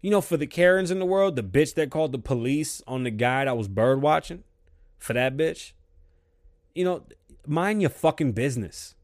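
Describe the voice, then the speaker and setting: A man's voice: on the high side, expressive, normal speed. Heated, profane male ranter. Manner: heated, swears constantly, swings loud and quiet. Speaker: show host. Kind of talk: profane opinion rant.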